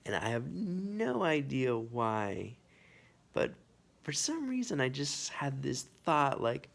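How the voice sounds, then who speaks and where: A man telling a personal anecdote, animated and full of sound effects and casual asides. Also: mid-range voice, takes it slowly, creaky. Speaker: storyteller. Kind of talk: personal anecdote told to camera.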